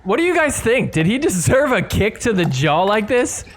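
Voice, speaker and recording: A man's voice: high-pitched, normal speed, a little hiss or hum. Laughing male podcast host reacting to clips. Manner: animated, laughs often, mock voices for players.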